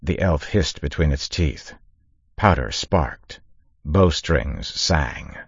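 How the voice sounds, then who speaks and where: A man reading a battle scene as an audiobook narrator, measured and dramatic. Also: very deep voice, expressive, vocal fry, slightly rough, dry recording, highs cut off. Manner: measured dramatic reading, raises voice for shouted orders. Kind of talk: scripted narration.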